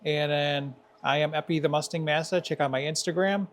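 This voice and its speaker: A man's voice: a little high, fairly even intonation, fairly quick. A man hosting a garage show, chatting casually and playfully with a co-host while finishing an engine build. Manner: joking, playful wordplay.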